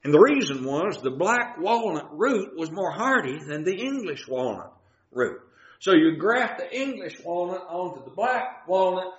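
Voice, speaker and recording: Male Bible teacher, folksy and lively, pitch swinging widely, slightly high voice; roomy, dull lo-fi church recording. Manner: lively, homespun, uses everyday illustrations.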